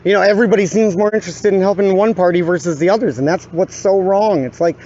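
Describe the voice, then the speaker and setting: Brief: man, fairly high voice, halting and subdued, dull lo-fi phone audio outdoors. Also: dark tone. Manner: halting, repeats phrases, subdued. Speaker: father filming a police encounter. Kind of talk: casual handheld vlog. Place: outdoors beside parked cars.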